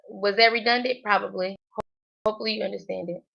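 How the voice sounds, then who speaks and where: A woman's voice: mid-range voice, steady tone, a little fast, gravelly, a bit bright, dull audio. A woman livestreaming her language study, thinking aloud hesitantly with many fillers. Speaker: language learner.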